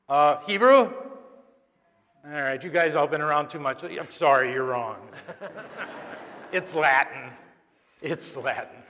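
Chatty homily from a man, high voice. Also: bright, forceful tone. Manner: chatty, halting, joking with the congregation. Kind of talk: conversational sermon. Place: church during Mass. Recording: long church reverb.

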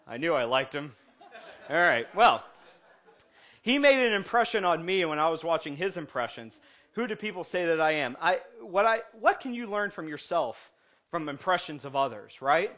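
A man preaching a lighthearted sermon as pastor, joking with his congregation before settling into calm, earnest preaching. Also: a little high, normal speed. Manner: jokey and animated, then calm and earnest. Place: church sanctuary. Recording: muffled lo-fi sound.

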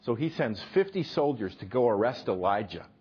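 A man preaching a sermon, retelling the story with animated, emphatic bursts. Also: medium pitch, normal speed, slightly rough, lo-fi sound. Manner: animated, emphatic retelling with sudden loud punches.

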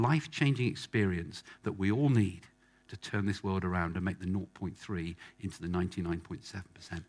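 A man preaching a sermon to a congregation in front of him, emphatic and fond of repeating phrases for effect. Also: on the low side. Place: church hall with a live congregation.

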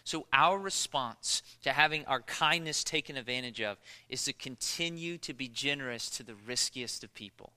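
A man preaching a sermon in a church hall, animated and acting out the people he quotes. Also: mid-range voice, normal speed, few pauses, clean tone. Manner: animated storytelling, acts out quotes. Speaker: pastor.

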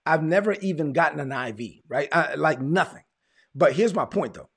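A man's voice: a little high, animated, fairly quick, slightly rough. A man, a pastor telling his testimony in a sermon, repeating words as he tells the story. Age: 40s.

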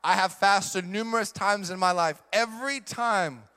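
A man's voice: sits high, normal speed, bright, forceful tone, clear, resonant tone. A middle-aged man preaching a sermon as pastor, with emphatic delivery, repeating key lines for weight. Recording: echoey hall with long reverb.

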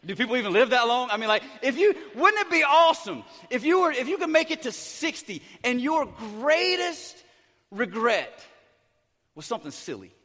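A middle-aged pastor preaching a sermon, hyper and excited, tumbling through restarts and repeated words. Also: male voice, very high-pitched, normal speed. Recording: big hall reverb.

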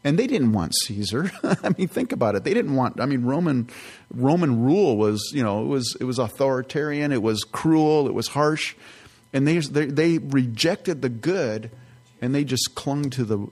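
A man's voice: medium pitch, normal speed, a little mellow. A man teaching a sermon as a pastor, earnest and conversational, with casual asides between scripture readings.

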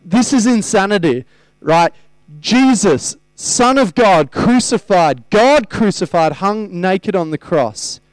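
A man's voice: sits high, lively intonation, slow, no room sound, rough recording. A man preaching a sermon, conversational, asking his listeners rhetorical questions.

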